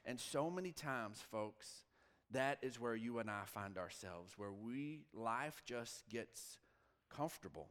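A man in his forties, a pastor telling a long personal story in a sermon, shifting from lively quoted dialogue to hushed asides. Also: medium pitch, slow pace. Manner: storytelling, animated with quoted dialogue and sudden drops to quiet. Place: church sanctuary. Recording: long reverb of a large church hall.

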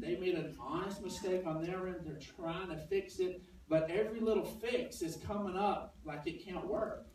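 Male pastor, conversational storyteller, voices the other people in the story. Bit high-pitched. Very reverberant sanctuary, faint noise behind. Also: normal speed. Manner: conversational storytelling, acts out dialogue. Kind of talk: sermon with personal story. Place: church sanctuary. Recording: very echoey church from a distance.

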